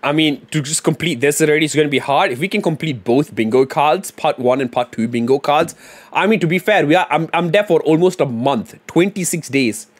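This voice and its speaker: A fairly quick, fairly high-pitched male voice chats casually with his livestream audience. He mutters while reading their messages, types up suggestions as he thinks aloud, and leans on slang and frequent fillers.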